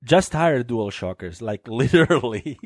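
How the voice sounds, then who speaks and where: A man's voice: medium pitch, lively intonation, unhurried, dry recording, clean studio sound. A man with an Italian accent hosting a casual podcast, chatty and teasing, often laughing. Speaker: podcast host.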